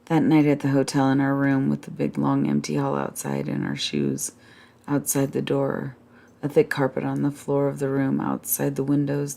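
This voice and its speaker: A woman reads a classic novel aloud at bedtime, calm and measured. Her voice sits very low, with a gravelly texture and a dark, mellow tone. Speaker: storyteller.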